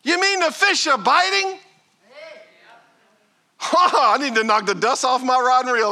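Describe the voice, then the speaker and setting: A man preaching a sermon as pastor, piling up rhetorical questions and moving between loud exhortation and hushed talk. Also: very high voice, a little slow, pauses often. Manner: rhetorical, building "what if" questions.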